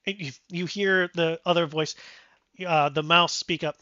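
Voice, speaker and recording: A game master narrating a tabletop game in a relaxed, playful way. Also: mid-range voice, measured pace, no echo, lo-fi sound.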